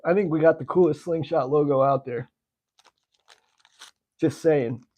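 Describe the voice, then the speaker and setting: A lo-fi clip captures an American man with a voice on the high side, hosting his slingshot channel. He tastes candy and chats casually on the live stream, replying to what viewers comment.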